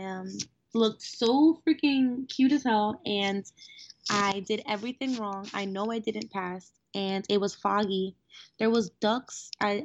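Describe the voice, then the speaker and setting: A woman co-hosting a podcast in casual chat, slightly raspy from asthma, telling stories with giggles. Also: mid-range voice, dry recording, dull audio. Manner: giggly, animated storytelling. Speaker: podcast co-host.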